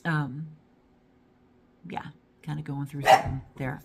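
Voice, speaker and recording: A middle-aged woman with a low-pitched voice chats casually to her viewers. She rambles from one thought to the next in an easygoing way. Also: moderate pace, pauses often. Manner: rambling and chatty, talks to her dog. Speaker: YouTube haul vlogger. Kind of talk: casual chat to camera.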